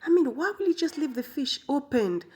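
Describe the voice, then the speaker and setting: A woman's voice: sits high, sing-song, fairly quick, a little mellow, pitched above the performer's own voice. Woman putting on a scolding queen. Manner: scolding, demanding. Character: haughty scolding queen, middle-aged woman.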